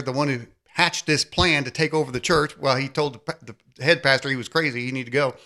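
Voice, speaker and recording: A man hosting an interview show, telling a story quickly and correcting himself as he goes. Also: mid-range voice, sharp tone. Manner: quick narration with restarts and self-corrections. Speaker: show host. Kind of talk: casual interview chat.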